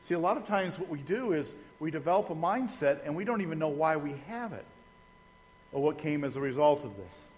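A man's voice: on the high side, lively intonation, brisk, a little mellow, slight background noise. A middle-aged man from Indiana, a pastor telling personal stories in a sermon, folksy and conversational with humorous asides to the congregation. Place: church sanctuary. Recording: long reverb of a church hall.

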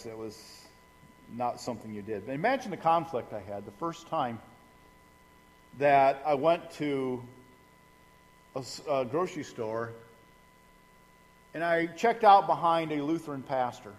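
A middle-aged man from Indiana, a pastor telling personal stories in a sermon, folksy and conversational with humorous asides to the congregation. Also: on the high side. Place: church sanctuary. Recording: long reverb of a church hall.

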